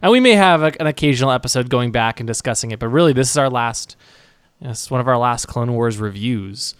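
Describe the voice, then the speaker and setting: Brief: smooth, mid-pitched male co-host, stop-start delivery, dry close sound. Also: dry recording. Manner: halting, many restarts. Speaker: podcast co-host. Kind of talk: casual podcast chat.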